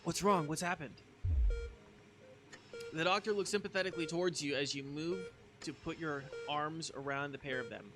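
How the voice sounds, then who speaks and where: A man's voice: a little high, fairly even intonation, moderate pace. A man streaming a story game, reading its narration aloud in a casual way with asides, with music playing behind him. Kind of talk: reading game text aloud with live commentary.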